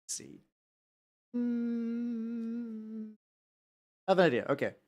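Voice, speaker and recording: A young man from the US hosts a relaxed painting stream in a very animated voice that sits on the high side, speaking at normal speed. He rambles, laughs often, hops between topics, and keeps stammering, repeating words and restarting.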